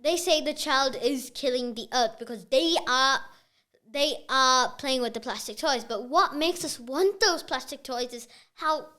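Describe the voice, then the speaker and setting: A woman's voice: sits high, unhurried, pushed and bright. A young girl being interviewed about her podcast, talking earnestly with many fillers. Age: child. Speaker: podcast guest. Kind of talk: casual interview chat.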